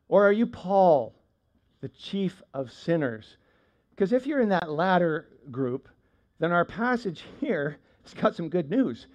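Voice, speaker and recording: A man's voice: fairly high pitch, sing-song, unhurried, darkish tone. A man preaching a sermon in a conversational way, with frequent fillers and restarts. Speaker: pastor.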